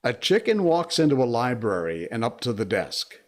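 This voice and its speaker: A man from Connecticut hosting a casual livestream, chatty and enthusiastic and quick to laugh. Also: mid-range voice, sing-song. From Cornwall, Connecticut, USA. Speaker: livestream host.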